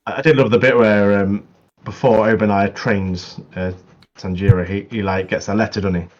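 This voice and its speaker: A man with a fairly low voice chats casually about an anime episode, agreeing often with a relaxed "yeah". His recording sounds slightly dull and muffled. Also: normal speed. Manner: agreeable, many "yeah"s, chuckles between points. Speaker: podcast co-host. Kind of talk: casual anime recap chat.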